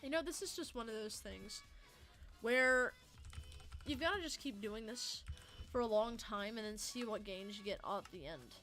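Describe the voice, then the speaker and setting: A woman's voice: on the high side, expressive, normal speed, fairly bright tone, soft background music. A young woman of about eighteen streaming a game, rambling in casual chat, swearing freely and answering her chat. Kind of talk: casual livestream chat while gaming.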